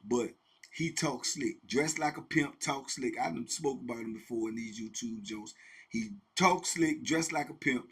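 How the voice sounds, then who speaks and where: A man hosting and telling a story in a casual, animated, slang-heavy way, repeating phrases for effect. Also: medium pitch, measured pace, breathy edge. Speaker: host and storyteller.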